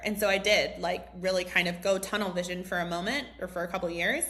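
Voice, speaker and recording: A woman's voice: lowish voice, fast talker, few pauses. A woman in her thirties from the United States, a mindset coach telling a personal story in a casual, chatty way, full of "like" and "um". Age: 30s. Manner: chatty, heavy use of "like" and "um", animated retelling. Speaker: mindset coach hosting a group session.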